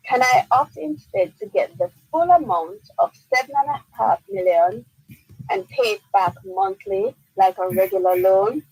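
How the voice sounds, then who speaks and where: A woman's voice: mid-range voice, a little mellow, husky, low-quality recording. A woman with a Jamaican accent, a lawyer answering listener questions on a radio call-in show, explaining firmly and repeating key points. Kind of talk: radio call-in legal advice. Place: radio studio.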